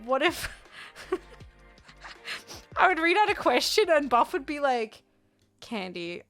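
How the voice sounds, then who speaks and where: Young woman streamer, high bright voice, giggly rambling chat, faint music behind. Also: expressive, unhurried. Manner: giggly, rambling, bursts into loud playful yelling. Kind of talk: casual live-stream chat with viewers.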